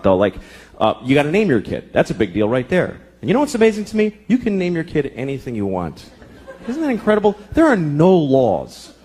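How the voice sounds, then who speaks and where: A man in his thirties doing a stand-up comedy set, ranting profanely and deadpan, acting out voices. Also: a little high. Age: 30s. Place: comedy club stage before a live audience. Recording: live room with crowd laughter and noise. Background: audience laughter.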